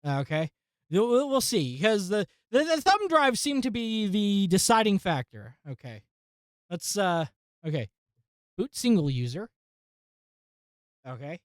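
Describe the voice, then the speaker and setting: A woman hosting a casual tech vlog, talking through a software install and muttering to herself in exasperation, with frequent swearing. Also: medium pitch, very animated, measured pace, pauses often, no room sound, studio quality. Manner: addresses viewers as folks and guys. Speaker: tech channel host.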